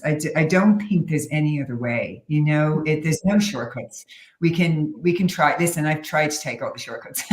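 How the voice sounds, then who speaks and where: A woman guest who teaches meditation talks in a candid, reflective way and laughs easily in a casual interview. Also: low voice. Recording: roomy echo.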